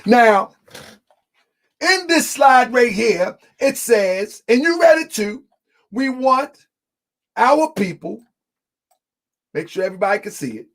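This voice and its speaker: Very high-voiced man debating emphatically. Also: very animated, slow, long pauses. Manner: emphatic, often shouting, repeats lines for effect; addresses the audience as family. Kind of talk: heated live debate.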